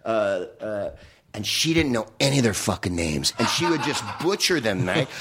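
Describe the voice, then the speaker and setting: A man comedian in casual conversation, telling profane, animated stories. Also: fairly low pitch, moderate pace, a crowd in the background. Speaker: comedian guest. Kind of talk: casual chat.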